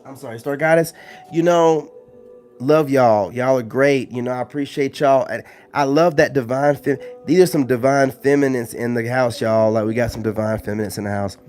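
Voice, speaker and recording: A man's voice: medium pitch, normal speed, darkish tone, soft background music. Slangy, easygoing male streamer. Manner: loose, slangy, full of "you know what I'm saying" fillers. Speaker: live-stream host. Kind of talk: casual live-stream chat.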